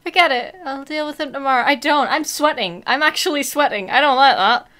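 A woman playing a horror game and commenting out loud, reading the text, swearing and reacting to scares. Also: sits high, a little fast. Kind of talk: let's-play commentary.

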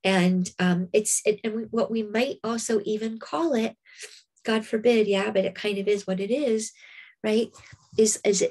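A woman leads a reflective Torah lesson at an unhurried pace. Her voice is slightly husky, and she often pauses and checks in with her listeners. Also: mid-range voice, darkish tone. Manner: reflective, with many fillers and repeated "right?". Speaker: Torah teacher. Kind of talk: spiritual Torah class.

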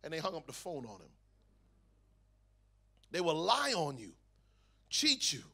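A man giving his testimony at a youth camp meeting, telling the story in a lively way and acting out the dialogue. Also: a little high, a little slow, vocal fry, husky. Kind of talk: testimony sermon to a youth audience.

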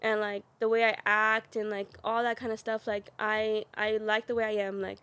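A woman's voice: mid-range voice, level tone, normal speed, fairly bright tone. A young woman guest on a podcast, candidly telling personal stories in casual chat and filling her talk with "like". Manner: candid storytelling, heavy filler "like".

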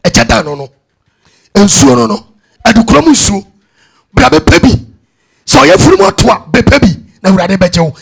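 High gravelly preacher man. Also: big pitch swings, normal speed, long pauses. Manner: exhorting, chanting and calling out. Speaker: pastor. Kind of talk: church testimony session. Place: church service.

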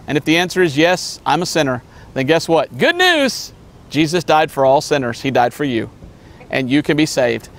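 A high-voiced male evangelist delivers a sermon. He preaches emphatically, leaping up on exclamations and sinking low to drive points home. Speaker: missionary evangelist.

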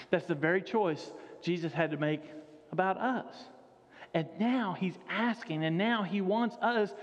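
A man's voice: high voice, measured pace. A male pastor preaching a sermon in a church, emphatic and repeating his key phrases. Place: church sanctuary. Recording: dull sound with long hall reverb.

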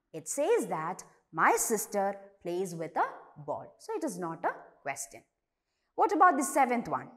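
Patient woman teacher with lively pitch. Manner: slow, patient explaining with questions and answers; reads dialogue lines aloud with lively pitch jumps. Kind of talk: online class lesson for young children.

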